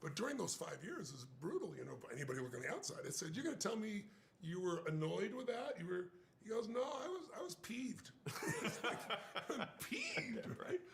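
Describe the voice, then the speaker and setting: An older man telling a story in an emphatic, animated way. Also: high-pitched, brisk, creaky, slight background noise. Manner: emphatic, acts out quoted voices.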